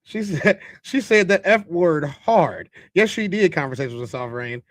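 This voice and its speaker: A man's voice: a little high, expressive, normal speed, a bit bright, no echo. Emphatic male host with a dry voice. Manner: emphatic, talks straight to chat. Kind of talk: casual live-stream commentary.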